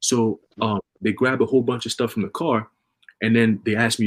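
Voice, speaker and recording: A man casually preaching and telling a story on a religious livestream, with energetic, repetitive street talk full of slang. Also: fairly low pitch, fast.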